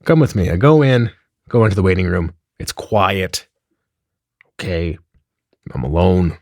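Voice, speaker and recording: A man telling a comedic story in a profane, animated way, acting out the dialogue as he goes. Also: deep voice, measured pace, creaky, no echo, studio quality.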